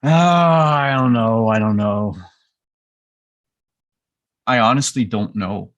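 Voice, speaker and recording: A man's voice: mid-range voice, slow pace, muffled recording. Hesitant man chatting about a tabletop game. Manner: hesitant, stammering, wry. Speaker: player. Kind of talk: casual chat planning a tabletop game.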